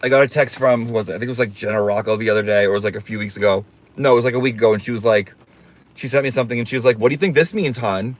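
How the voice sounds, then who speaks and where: A man's voice: fairly low pitch, steady tone, very fast. A man hosting a casual livestream, campy and sassy, swearing freely and reading out viewer comments. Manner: reads viewer comments aloud. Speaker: livestream host.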